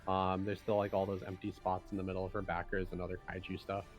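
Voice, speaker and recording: Low-voiced man rambling through game cards. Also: monotone, fast talker, soft background music. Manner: loose, rambling explanations. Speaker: game designer and stream host. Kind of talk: casual livestream chat.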